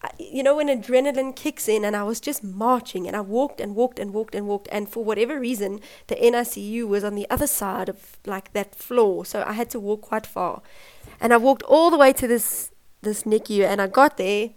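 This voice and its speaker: A woman's voice: mid-range voice, normal speed. A young adult woman telling her own birth story in an emotional, personal way, laughing often and acting out what others said. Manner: emotional, laughs often, acts out quoted voices.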